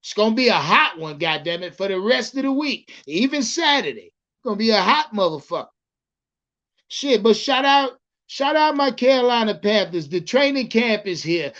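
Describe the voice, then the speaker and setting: A man's voice: sits high, big pitch swings, normal speed, fairly bright tone, highs cut off. A man casually chatting with his livestream viewers about football, profane and rambling, repeating himself and calling out the chat. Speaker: livestream sports commentator.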